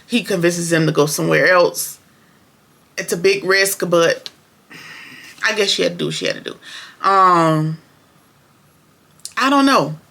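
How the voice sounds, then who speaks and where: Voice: medium pitch, measured pace, gravelly, pauses often, pushed and bright. A show reviewer recapping an episode in casual, opinionated, slangy chat, talking straight to viewers.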